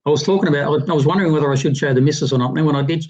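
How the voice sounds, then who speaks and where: A man telling a rambling, animated fishing story in casual livestream chat, with plenty of restarts. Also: fairly high pitch, racing, hardly any pauses, highs cut off. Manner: rambling, animated anecdote teller with many restarts.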